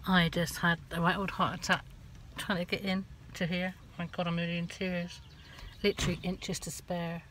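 A woman's voice: on the low side, flat delivery, moderate pace, fairly bright tone. A woman, vlogging casually outdoors at a campsite, chatting away and slipping into fond baby talk with her cat. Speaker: van-life vlogger. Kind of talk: casual vlog chat to camera. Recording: outdoor background noise.

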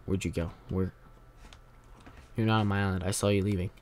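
A man hosting a gaming channel, rambling through Minecraft commentary and bursting into loud angry yelling. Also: low voice, fairly even intonation, fairly quick.

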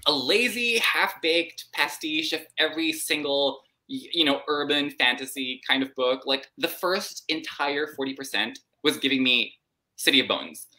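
A woman's voice: low voice, normal speed. A woman hosting a live book club chat, retelling a novel bluntly and with lots of profanity. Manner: blunt, profane, animated retelling with mock voices. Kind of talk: casual live book discussion.

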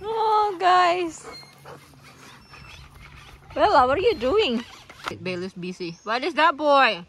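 A high, very lively woman's voice, full of swoops as she coaxes and praises her dogs. She talks slowly and unhurriedly while filming on a phone outdoors by a river, with faint ambient noise behind her. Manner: high sing-song praise and coaxing aimed at dogs. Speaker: dog owner filming her pets. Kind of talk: casual vlog narration, talking to dogs.

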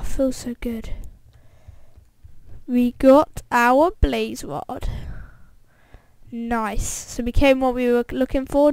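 A woman with a fairly high voice narrates her gameplay for viewers, reacting aloud to every setback and win. She talks at an unhurried pace, and the sound is dry and close. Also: dry recording. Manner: excitable, reacting aloud to the game; talks straight to viewers as guys. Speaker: gameplay video host. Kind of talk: let's-play gameplay commentary.

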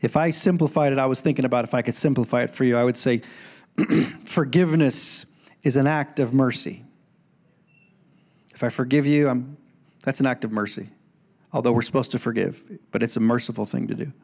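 Middle-aged pastor guy preaching in church, lively, shouts the quotes on a stage mic. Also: medium pitch, fairly quick. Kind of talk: sermon. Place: church sanctuary.

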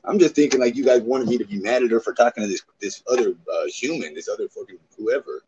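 A man livestreaming in casual chat, profane and excitable, reacting to his chat. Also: mid-range voice, fast talker. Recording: dull lo-fi stream audio, faint noise.

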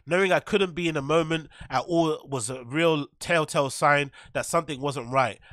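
A man's voice: fairly high pitch, a bit bright, dry recording, studio quality. A young man hosting a podcast, reading an article aloud and breaking off into loose, profane, joking commentary. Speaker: podcast host.

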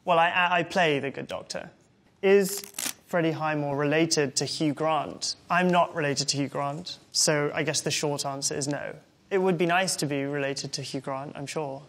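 Wry young Englishman, gravelly edge. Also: on the high side, fairly even intonation, normal speed, a bit bright. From England. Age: 20s. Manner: wry, self-deprecating. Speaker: interviewee. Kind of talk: reading web questions aloud and answering.

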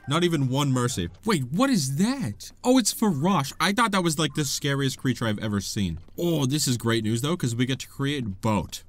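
A man giving playful, sarcastic gameplay commentary as a video host, often laughing. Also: fairly high pitch. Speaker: gaming YouTuber.

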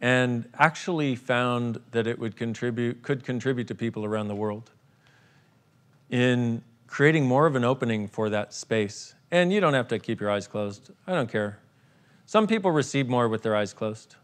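A man's voice: medium pitch, normal speed. A man leading a live workshop for an audience, irreverent and playful, joking, swearing and laughing as he talks. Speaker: workshop facilitator.

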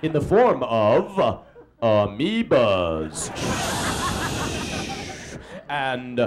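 Give me a man doing comic mock-solemn stage narration, slow and drawn out, on a noisy live theater recording. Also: sing-song. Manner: drawn-out, mock-solemn delivery with big pitch swings. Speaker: solo stage performer narrating.

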